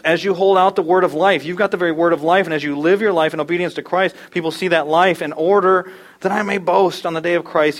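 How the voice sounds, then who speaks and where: Animated male preacher. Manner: animated, acts out quoted voices with sudden loud high bursts. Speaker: pastor. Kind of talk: sermon.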